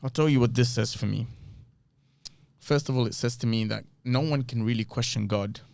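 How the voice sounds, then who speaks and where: A man's voice: mid-range voice, moderate pace, creaky, a little mellow, no echo. Earnest man teaching from scripture. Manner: reads scripture aloud and explains it, earnest with rhetorical questions. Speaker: podcast host. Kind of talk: bible teaching talk.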